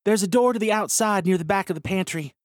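A man voicing a frightened but determined young frontier woman in a high, urgent falsetto. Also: fast, no room sound, studio quality, close to an everyday voice.

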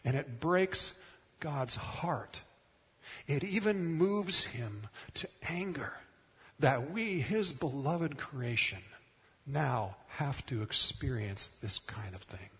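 A man's voice: mid-range voice, lively intonation, slow, a bit bright, slightly rough, long reverb tail. A middle-aged man preaching a sermon as pastor, earnest and emphatic, repeating words for stress.

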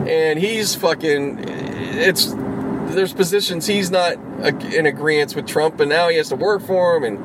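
A man's voice: on the high side, noisy background. A man ranting casually, swearing often and rambling through half-finished thoughts. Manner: profane, rambling, exasperated. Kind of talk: casual rant.

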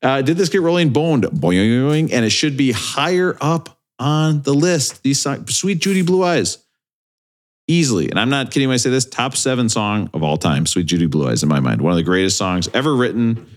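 A man's voice: medium pitch, brisk. A man hosting a casual podcast, joking and playing with words as he talks. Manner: animated, jokey, playful wordplay. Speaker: podcast host.

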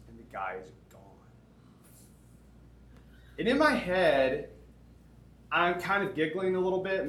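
A man preaching to a camp crowd, telling a comic story with dramatic pauses, laughs and sudden shouts. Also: a little high. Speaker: camp speaker. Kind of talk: storytelling sermon. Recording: echoey room, faint background noise.

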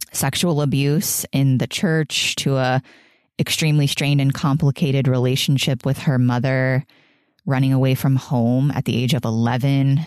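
A woman's voice: a bass voice, darkish tone, smooth, no echo, studio quality. A woman in her thirties hosting a podcast, talking in an earnest, emotional and spiritual way and laughing often. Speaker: podcast host. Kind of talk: reflective podcast monologue.

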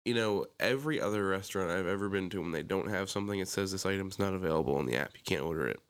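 Young philly-area dude, kinda low voice, ranting and cussing on a podcast, loud when he quotes people. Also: racing, clear, resonant tone. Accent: Philadelphia-area American. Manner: animated storytelling, swears a lot, acts out quotes loudly. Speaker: podcast co-host. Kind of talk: casual chat.

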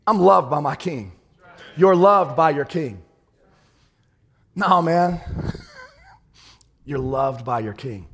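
A man preaching a sermon, swinging from loud triumphant shouts to hushed, laughing storytelling. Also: on the high side, lively intonation, slow, long pauses, slightly rough, long reverb tail. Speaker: pastor.

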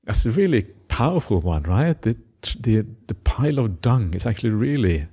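A monk giving a Buddhist dharma talk, retelling a scripture story with many "uh" fillers and acted-out quotes. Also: male voice, lowish voice, very animated, moderate pace, mellow, slightly rough.

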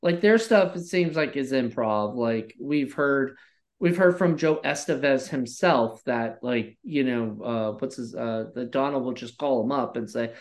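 A podcast co-host in animated casual chat, swearing and laughing often. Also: mid-range voice, a little slow.

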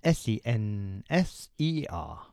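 A man's voice: lowish voice, big pitch swings, darkish tone, no echo, studio quality. A man co-hosting a podcast in casual chat, with a joking, playful manner. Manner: jokey, playful, quick asides. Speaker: podcast co-host.

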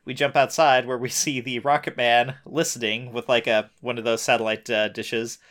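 A young man telling a story in a relaxed way, dropping frequent uhs and wry teasing asides. His pitch sits in an ordinary middle range for a man. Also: moderate pace. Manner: lots of uh fillers, wry teasing. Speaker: podcast co-host. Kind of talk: casual recap chat.

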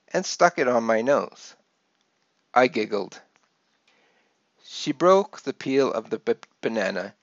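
Slow, gravelly man reading his memoir. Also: mid-range voice, no echo. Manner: gentle storytelling, lively voices for quoted people. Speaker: author reading his book. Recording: dull lo-fi dry recording.

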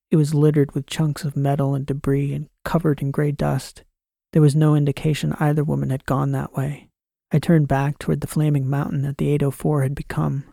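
A man reads a science fiction audiobook in the first person, measured and dramatic. His voice is gravelly and somewhat high for a man, and the sound is dry and close with no room echo. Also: warm tone. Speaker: audiobook narrator. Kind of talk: scripted first-person narration.

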